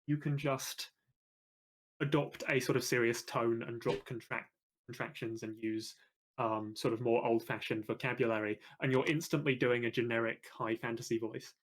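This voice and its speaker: A man's voice: medium pitch, steady tone, moderate pace, low-quality recording. An English man with an English accent, a player in a tabletop game who speaks hesitantly, with lots of ums. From England.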